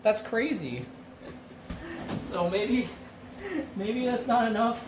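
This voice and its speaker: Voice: medium pitch, takes it slowly, noisy background. A streamer chatting casually while cooking on a live stream, rambling and laughing often. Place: home kitchen.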